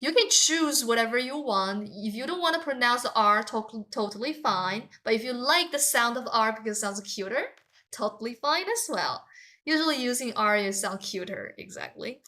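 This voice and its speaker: A woman's voice: fairly high pitch, lively intonation, moderate pace, pushed and bright. A woman from southern China, teaching a language lesson in a classroom in an encouraging, playful way, praising her students often. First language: Chinese. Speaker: Chinese teacher.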